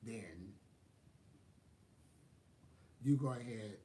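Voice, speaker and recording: A man telling stories in a casual vlog, sassy and animated, laughing often. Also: fairly low pitch, drawn-out words, a little hiss or hum. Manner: sassy, animated, laughs often, quotes people in exaggerated voices. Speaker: vlogger. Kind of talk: casual storytelling chat.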